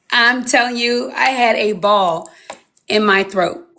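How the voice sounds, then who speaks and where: High, gravelly-voiced woman telling her story. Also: slow. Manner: animated storytelling, acting out her own past words. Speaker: guest. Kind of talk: personal testimony in an interview.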